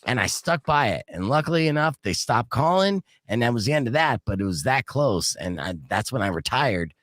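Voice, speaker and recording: A middle-aged man from Arizona hosting a radio show, telling a long story in a casual, animated way and acting out what people said. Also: medium pitch, a little fast, no room sound, studio quality. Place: radio studio.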